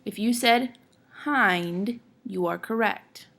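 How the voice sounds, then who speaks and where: Woman, teacher, classroom lecture, patient, unhurried, step by step. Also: medium pitch, a bit bright. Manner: patient, explains step by step and checks in with "okay?".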